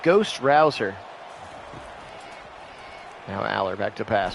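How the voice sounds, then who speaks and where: A man calling a simulated football game on his own, jumping up loud on big plays and chatting with viewers in between. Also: medium pitch, normal speed, slight background noise. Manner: rises sharply and loud for big plays, chatty asides to live chat. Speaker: play-by-play host of video game sims. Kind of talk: solo play-by-play commentary on a simulated game.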